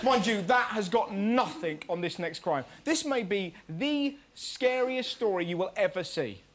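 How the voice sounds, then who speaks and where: A man's voice: sits high, lively intonation, measured pace, background noise. A man hosting a topical stand-up comedy show, cheeky and mock-outraged, over studio audience laughter.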